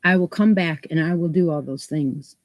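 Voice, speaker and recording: A woman from New York State hosts a casual crochet live stream. Her voice sits a little low and sounds stuffed up from allergies. She chats on and greets viewers by name, and the recording is close and dry with no room echo. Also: moderate pace, darkish tone. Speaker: crochet channel host.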